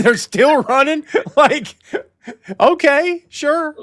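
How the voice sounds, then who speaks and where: A man's voice: drawn-out words, fairly bright tone, no echo, clean studio sound. A man co-hosting a casual movie commentary podcast, joking around and acting out silly voices. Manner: jokey, acts out silly voices, big pitch swings. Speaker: podcast co-host.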